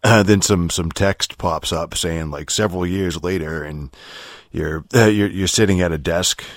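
A man's voice: low-pitched, normal speed, no echo, studio quality. A young man streamer in a casual, rambling rant about a video game, frustrated and swearing a lot, with many fillers and restarts.

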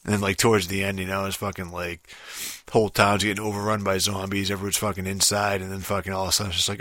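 A man with a rough throat, ranting casually and rambling, swearing constantly and restarting his sentences. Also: sits low, level tone, quick pace, a bit bright, no echo. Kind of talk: casual rant.

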